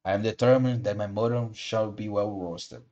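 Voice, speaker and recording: A man reading a storybook aloud, voicing a gruff, bearded male puppet showman with a hoarse voice who speaks loudly and slowly. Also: fairly even intonation, lo-fi sound, close to an everyday voice. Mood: blustering. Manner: loud, slow, booming delivery with sneezes.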